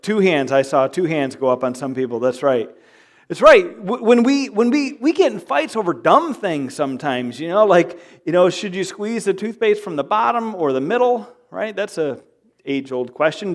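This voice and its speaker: Male pastor, higher-than-average voice, lively and playful church sermon with acted-out quotes. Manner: animated, jokey, acts out quoted arguments. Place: church sanctuary.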